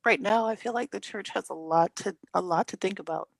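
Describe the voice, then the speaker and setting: A woman's voice: medium pitch, fairly quick, gravelly, no room sound. A woman co-hosting a Bible study, talking reflectively and searching for her words. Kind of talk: reflective conversation.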